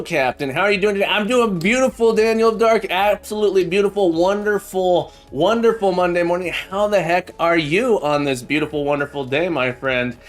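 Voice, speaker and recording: A man hosting a livestream, chatting casually and cheerfully greeting viewers by name, sometimes drawing out names in a sing-song way. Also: high voice. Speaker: livestream host. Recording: soft background music. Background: background music.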